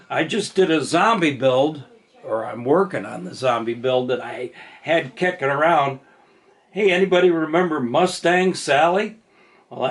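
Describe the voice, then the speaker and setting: An older man chatting casually to camera about his model car builds, rambling and joking at his own expense. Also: mid-range voice. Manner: rambling and jokey, self-deprecating.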